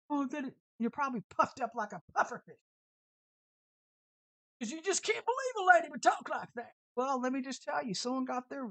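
A brash woman preaches in a loose, storytelling style, leaning hard on her words with plenty of sass. Her voice sits a little high, and the sound is dry and close with no room around it. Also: dry recording. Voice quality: brash, sassy, emphatic. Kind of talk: informal online sermon with storytelling.

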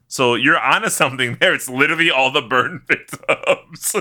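Bright-voiced man telling a story. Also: medium pitch, normal speed. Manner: animated storyteller, swears freely, laughs often. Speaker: podcast co-host. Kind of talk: casual chat.

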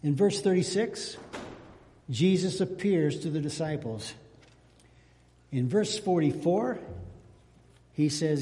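Pastor guy preaching hard, kinda high voice but mellow, big echoey church hall. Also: animated, normal speed, long pauses. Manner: fervent preaching with rising emphasis and repeated phrases. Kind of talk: sermon. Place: church sanctuary.

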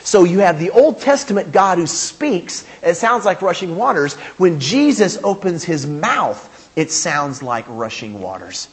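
Husky-voiced male pastor preaching emphatically. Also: high voice, big pitch swings, a little slow, hardly any pauses. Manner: emphatic preaching with repeated phrases, asks the congregation questions. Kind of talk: sermon.

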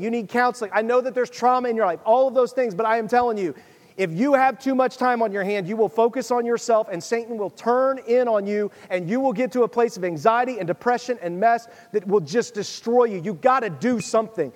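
Preaching with an extremely high-pitched voice, a pastor reads scripture aloud and then presses his listeners in a conversational, urgent way. The recording has a big-room sound.

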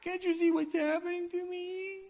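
A man voicing a worn-out, put-upon person in a high, whiny falsetto. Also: level tone, normal speed, darkish tone. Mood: pleading. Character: worn-out person whining at tormentors.

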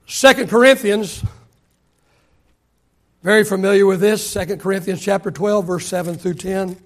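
A male pastor delivers a sermon in a strikingly high voice. He climbs to shouted, emphatic lines and then drops his phrase endings down low and soft. The preaching keeps pressing forward. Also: fairly even intonation, moderate pace.

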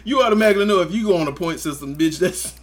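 Young male co-host, profane and blunt, slightly high voice, laughs often. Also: lively intonation, very fast. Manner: laughs often, swears freely, gives blunt advice. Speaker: podcast co-host. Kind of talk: casual chat.

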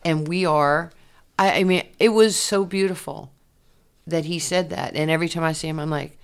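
A woman, a former athlete telling her life story in an interview, animated and laughing often. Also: low-pitched, moderate pace, smooth. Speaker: interview guest, former basketball player. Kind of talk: candid personal storytelling.

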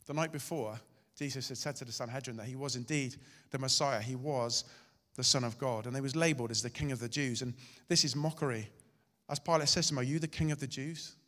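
A male pastor preaching a sermon, swinging between loud and hushed delivery. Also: medium pitch, a little fast, hardly any pauses. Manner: dramatic, shifting loud and soft. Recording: hall reverb.

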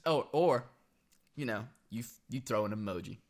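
A man's voice: medium pitch, expressive, moderate pace. A young man co-hosting a casual comedic chat, joking and acting out text messages in quoted voices. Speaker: co-host. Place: indoor room with laptop.

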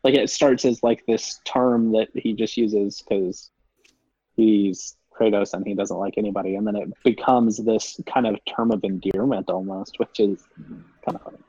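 Excitable husky-voiced man on a podcast. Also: lowish voice, normal speed, no echo, dull audio. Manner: excitable, rambling. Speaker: podcast co-host. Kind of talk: casual chat.

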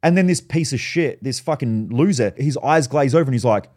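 Man, podcast host, blunt, swears a lot, mid-pitched voice. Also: expressive, brisk, a little mellow. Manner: blunt, profane storytelling. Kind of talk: solo podcast monologue.

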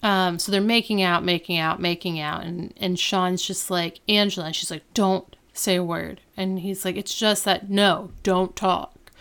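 A woman's voice: fairly low pitch, measured pace, clear, resonant tone. A woman co-hosting a podcast, casually recapping a TV episode and acting out the characters' lines as she goes. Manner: animated retelling, acting out quoted lines. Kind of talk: casual chat.

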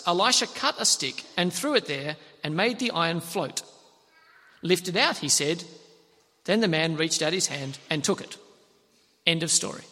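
A man preaching a sermon, telling the story in a lively way and acting out the characters' lines. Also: on the high side. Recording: long reverb of a hall.

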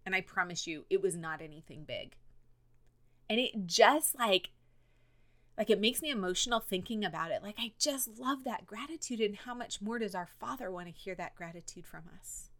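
A woman's voice: medium pitch, animated, moderate pace, a bit bright. A woman and mother hosting a podcast, earnestly encouraging listeners and quoting scripture as she speaks straight to them. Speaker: podcast host. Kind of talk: faith-based encouragement monologue.

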